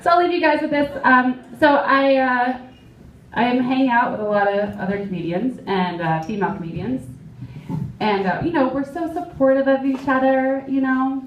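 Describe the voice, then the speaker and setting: Comediante de stand-up, voz aguda e distante. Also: female voice, high-pitched, steady tone, moderate pace, muffled recording, slight background noise. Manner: wry, self-mocking storytelling with frequent fillers. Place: live comedy club stage. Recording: roomy, distant live club recording.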